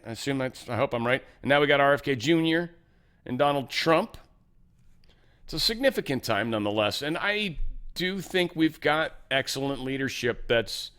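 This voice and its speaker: A man's voice: on the high side, a bit bright, smooth. A man hosting a podcast, talking in a loose, rambling way with lots of fillers and asides. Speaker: podcast host. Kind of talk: casual commentary.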